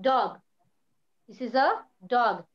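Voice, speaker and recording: A woman's voice: fairly high pitch, lively intonation, slow pace, dull audio. A woman teacher giving an online primary school lesson, patiently repeating words and praising often.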